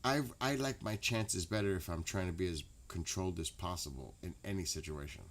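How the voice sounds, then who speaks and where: A very deep-voiced man rambles through a late-night stream chat. He swears freely and breaks into loud laughter now and then. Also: fairly quick. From New York. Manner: rambling, profane, laughs loudly.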